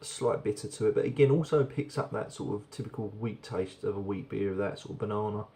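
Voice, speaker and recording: A man's voice: on the low side, a little fast, dark tone. A man casually reviewing a beer on camera, chatty and rambling, often repeating words as he goes.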